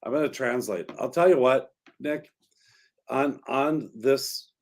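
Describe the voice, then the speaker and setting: Male realtor co-host, mid-pitched, casual studio chat, rambling halting explanations. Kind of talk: casual radio talk. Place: radio studio.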